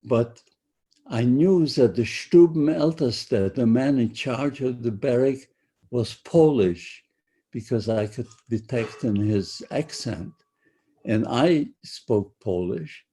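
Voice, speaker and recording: An older man giving personal testimony to students, halting and often repeating or restarting his phrases. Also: medium pitch, dark tone, slightly rough. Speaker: Holocaust survivor speaker.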